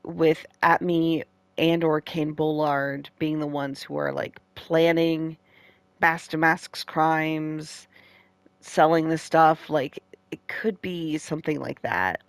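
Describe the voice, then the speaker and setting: A woman's voice: low voice, slow pace, vocal fry, dry recording. A young woman reading every character's lines of a courtroom game aloud, stopping to laugh and react. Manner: reads all characters aloud, breaks off to laugh and comment. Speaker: let's play streamer reading a game aloud.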